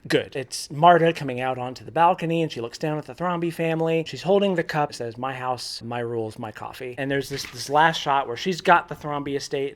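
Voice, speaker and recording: Man, fairly high voice, casual film review, candid, stop-start phrasing, repeats words. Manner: thinks aloud with frequent restarts and repeated words; informal and candid, swears casually.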